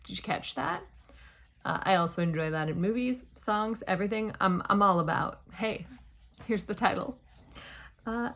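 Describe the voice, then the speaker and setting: A young woman talks through a TV episode in a casual spoiler review. She is chatty and playful and throws in dramatic asides. Her voice sits at an ordinary middle pitch for a woman.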